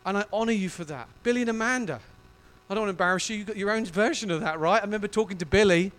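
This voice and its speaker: A male pastor preaching a sermon in an emotional, effusive and animated way. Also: sits high, rapid-fire, clean tone.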